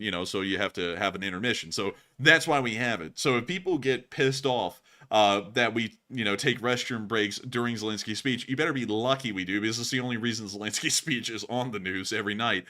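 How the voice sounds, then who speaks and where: Bright-voiced, excitable male stream host. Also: fairly low pitch, a little fast, hardly any pauses. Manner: laughs often, rambling and excitable. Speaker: livestream news host. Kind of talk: casual livestream chat.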